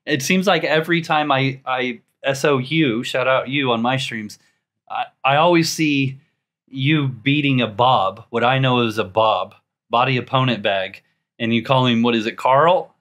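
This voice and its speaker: Excited guy hosting a podcast, laughs a lot, stumbles on his words, normal pitch. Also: measured pace. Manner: enthusiastic, laughs often, stammers. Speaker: podcast host. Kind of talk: casual podcast chat.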